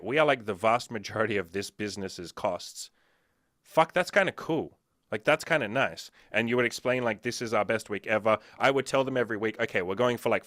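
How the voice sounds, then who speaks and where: A man chatting casually on a podcast as a business coach, swearing a lot and telling animated stories. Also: lowish voice, dry recording, clean studio sound. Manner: profane, animated storytelling.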